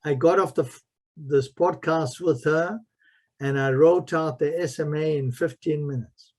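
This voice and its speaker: Emphatic man telling a story, slightly high voice. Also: unhurried, darkish tone. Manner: emphatic, repeats key phrases. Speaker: martial arts master and spiritual mentor. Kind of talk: storytelling in a podcast interview.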